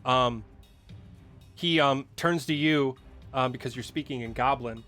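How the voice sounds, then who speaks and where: A man's voice: mid-range voice, a little slow, sharp tone, faint music behind. A man running a tabletop game as dungeon master, patiently explaining the rules with lots of fillers.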